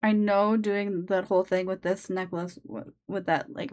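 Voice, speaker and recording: A woman's voice: medium pitch, normal speed, few pauses, a little mellow. A young woman streamer chatting casually while she draws, laughing often and swearing offhandedly.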